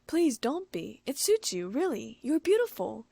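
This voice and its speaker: A woman voicing a sweet, earnest teenage girl with a gentle, eager manner. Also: sits high, very animated, measured pace, gravelly, husky, dry recording, pitched above the performer's own voice, full character voice.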